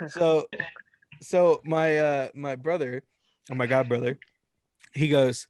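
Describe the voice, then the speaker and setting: A man's voice: fairly high pitch, slow, pauses often, no room sound. Young man telling a story, dry sound. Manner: animated, acts out voices in anecdotes. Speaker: podcast co-host. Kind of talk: casual storytelling.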